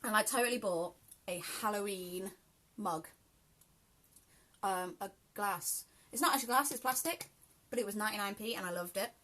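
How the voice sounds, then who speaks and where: A woman's voice: mid-range voice, moderate pace, long pauses, fairly bright tone. A British woman chatting casually in a rambling way while she sews, with lots of ums and laughs. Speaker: sewing vlogger. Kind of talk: casual chat while sewing.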